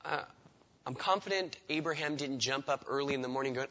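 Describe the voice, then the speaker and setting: A man's voice: medium pitch, a little fast, sharp tone, in a large hall, lo-fi sound. A man preaching a sermon in a conversational way, often repeating words as he starts a sentence. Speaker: pastor.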